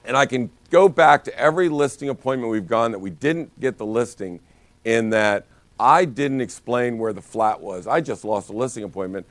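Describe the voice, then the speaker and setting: A man's voice: mid-range voice, normal speed, no room sound. A man teaching a real estate training session, telling stories with lots of energy and frequent restarts. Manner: energetic storytelling with many restarts. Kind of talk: live training talk.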